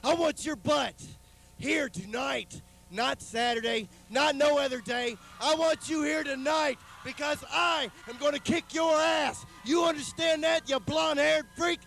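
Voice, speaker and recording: A male wrestler, cutting a trash-talking promo that builds to shouting. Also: extremely high pitch, measured pace, creaky.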